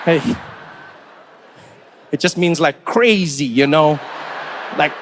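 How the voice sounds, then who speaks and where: High animated South African comedian. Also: male voice, takes it slowly, long pauses, a little hiss or hum. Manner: animated storytelling, acts out other people's voices. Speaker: stand-up comedian. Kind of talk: stand-up comedy.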